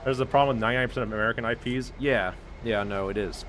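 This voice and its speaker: A man's voice: medium pitch, racing, fairly bright tone, a little hiss or hum. A man streaming a game, ranting casually and profanely, filling his talk with "like". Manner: profane, ranting, heavy use of "like". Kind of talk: casual gaming stream rant.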